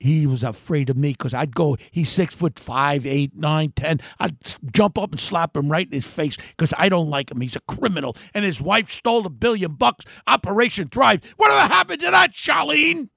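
An older man, hosting a podcast and delivering a loud, heated, combative political rant. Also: fairly high pitch, moderate pace, no room sound. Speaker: podcast host.

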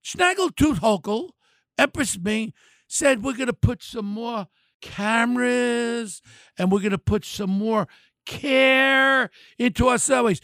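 An older man hosting his podcast, ranting bluntly and heatedly, often shouting insults. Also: extremely high pitch, takes it slowly, no room sound, clean studio sound. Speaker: podcast host. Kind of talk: angry political rant.

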